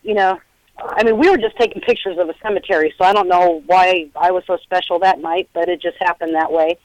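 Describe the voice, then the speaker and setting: A middle-aged woman, a paranormal investigator, telling stories in a chatty, animated way over a phone line and acting out the quotes. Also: lowish voice, a little fast, dry recording. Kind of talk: casual storytelling interview.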